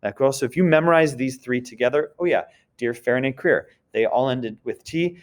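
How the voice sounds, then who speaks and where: A man's voice: mid-range voice, a little fast. Man teaching a French lesson. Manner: explains step by step with a repeated check-in question. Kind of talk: recorded classroom grammar lesson.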